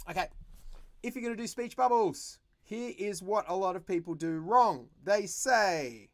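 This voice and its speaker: A man hosting a drawing livestream for kids, talking in a playful, animated and jokey way as he teaches. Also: sits high, normal speed.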